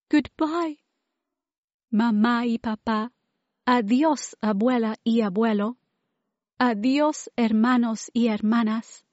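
A woman voicing a big, clumsy young female whale who speaks in a high, weepy voice. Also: a little mellow, dry recording, muffled recording.

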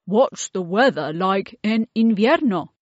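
A woman's voice: medium pitch, lively intonation, a little slow, dry recording. Woman doing a grudging storybook dad. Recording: dull lo-fi dry recording.

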